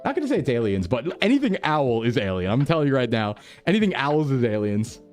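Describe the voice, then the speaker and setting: Animated young American man chatting. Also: medium pitch, fast talker, soft background music. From United States. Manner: animated, excitable, lots of "like" and "bro". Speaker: streamer. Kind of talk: casual chat with viewers.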